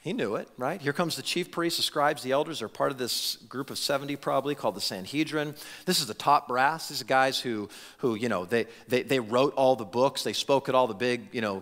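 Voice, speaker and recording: A man preaching a sermon as a pastor, talking in an animated, conversational way with frequent restarts. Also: medium pitch, big-room sound. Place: church sanctuary.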